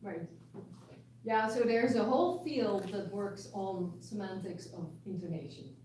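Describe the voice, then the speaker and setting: Slow-talking woman lecturing in an echoey room. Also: mid-range voice, mellow, a little hiss or hum. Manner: unhurried, explains with examples, many restarts. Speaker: linguistics lecturer. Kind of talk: university lecture. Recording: echoey room, mic far off.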